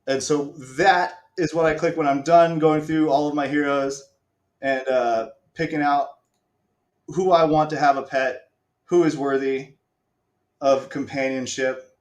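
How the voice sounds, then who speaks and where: A man's voice: a little high, steady tone, unhurried, roomy sound. Chatty man demoing a game live. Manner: chatty, self-mocking, swears casually. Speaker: stream host. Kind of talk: casual live-stream game demo.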